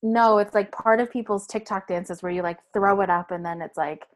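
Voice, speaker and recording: A woman's voice: mid-range voice, steady tone, moderate pace. A young adult woman, a guest on a comedy podcast, chatting casually with many "like" fillers.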